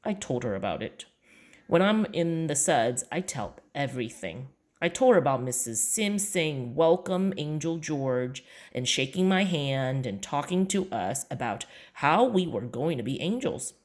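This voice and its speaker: Woman, storybook reader, deep-pitched with plenty of melodic movement. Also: very animated, normal speed. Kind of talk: reading a children's book aloud.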